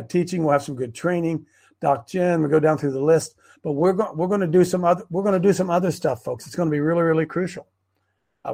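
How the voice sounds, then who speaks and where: A man hosting a casual livestream, rambling and excitable, stopping and restarting his sentences. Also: on the high side, vocal fry. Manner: rambling, excitable, self-interrupting. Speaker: host of a preparedness group show. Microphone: webcam on a wobbly stand.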